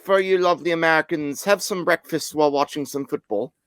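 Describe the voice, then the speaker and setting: A man's voice: a little high, a little fast, clear, resonant tone, close to an everyday voice. A man putting on a playful, hammy British accent during a sports podcast. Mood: teasing. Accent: put-on British.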